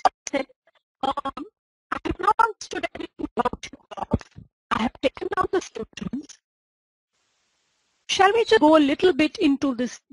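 A woman's voice: high-pitched, dry recording, low-quality recording. A woman teaching a homeopathy lecture, telling a patient case as a story and acting out the dialogue.

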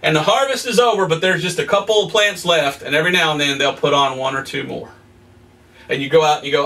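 A male evangelist teaching a sermon in a folksy, animated way, reading scripture and telling homey stories with excited exclamations. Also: a little high, fast, recorded from a distance.

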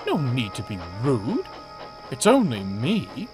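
A man's voice: medium pitch, wildly swooping pitch, takes it slowly, pitched above the performer's own voice. A man voicing a prim, indignant female railcar. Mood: huffy. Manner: indignant, sniffy. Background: music.

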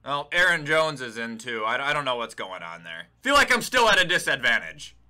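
A young man giving casual, excitable commentary over a football video game, swearing and yelling at the plays as he goes. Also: mid-range voice, a little fast. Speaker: gaming YouTuber.

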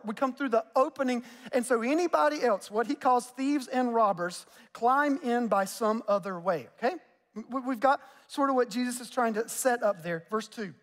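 A man in his forties with a Southern US accent, preaching a conversational sermon with quick joking asides. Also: extremely high pitch. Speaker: pastor. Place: church sanctuary. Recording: long reverb of a church hall.

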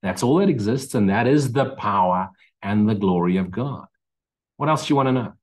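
A man's voice: lowish voice, lively intonation, moderate pace, a little mellow, rough recording. Emphatic male spiritual teacher. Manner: emphatic, repetitive, mocking asides. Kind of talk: spiritual talk.

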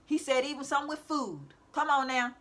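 High bright-voiced woman preaching to viewers. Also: expressive, fairly quick. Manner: preachy, repetitive, calls out to her audience. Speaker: self-styled prophetic speaker. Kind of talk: informal religious exhortation to viewers. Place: at home.

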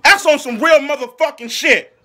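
Furious high-voiced man in a shouting rant. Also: normal speed. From Philadelphia. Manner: furious, mocking, heavy swearing, shouting bursts. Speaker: angry football fan ranting. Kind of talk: profane comedic sports rant.

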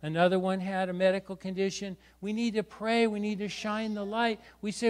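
A middle-aged pastor preaches a sermon in a church sanctuary, his voice high and his pace moderate with few pauses. He exhorts the congregation, repeating words and often adding "right?".

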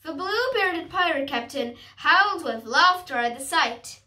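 A woman reading a storybook aloud, carefully and haltingly, restarting words as she goes. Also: high voice, expressive, sharp tone, recorded from a distance, a little hiss or hum.

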